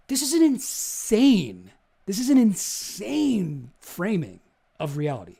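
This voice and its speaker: Male streamer, indignant, swearing, mellow tone, pitch swinging widely. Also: a little slow, gravelly. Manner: animated, profane and indignant. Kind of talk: reacting to deposition footage.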